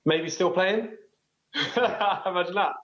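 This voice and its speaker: A man in his twenties, a footballer, answering interview questions in a relaxed, modest, hesitant way. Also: sits high, takes it slowly, lo-fi sound. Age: 20s. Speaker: professional footballer.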